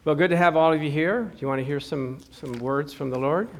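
High-voiced storytelling male pastor. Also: brisk. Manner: chatty storytelling with crowd call-outs. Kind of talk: sermon.

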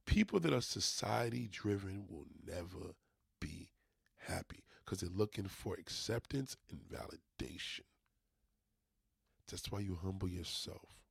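A lowish, gravelly-voiced man rants with a husky edge, cursing freely as he vents to his viewers. He sounds like a small business owner talking straight into the camera in a dry, close recording. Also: lively intonation, a little slow, dry recording. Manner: profane, emphatic venting. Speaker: junk removal business owner. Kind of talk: casual rant to camera.

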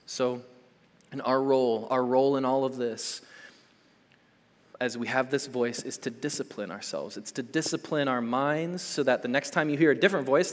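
A young adult male pastor with a fairly high voice preaches a sermon in a big-sounding room, swinging from loud, urgent build-ups to hushed, soft passages. He stays conversational, frequently checking in with "okay?" and "right?".

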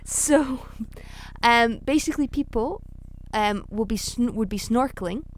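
A woman's voice: on the high side, measured pace, a little hiss or hum. A woman co-hosting a podcast, explaining things patiently in casual chat. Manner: explaining patiently, laughs easily. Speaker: podcast co-host.

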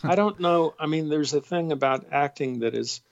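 A man, a guest actor, telling stories in an interview, warm and self-deprecating, halting with fillers. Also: fairly high pitch, gravelly, dry recording, lo-fi sound. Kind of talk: interview, storytelling.

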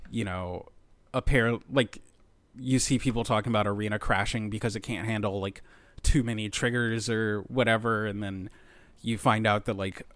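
A man's voice: on the low side, no echo. Rambling man with a dry close voice. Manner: rambling, hesitant, many fillers. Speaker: podcast guest. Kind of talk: casual chat.

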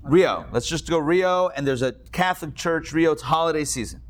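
A man's voice: on the high side, normal speed. A man teaching a Torah class to a live audience, chatty and joking, with a lot of digressions.

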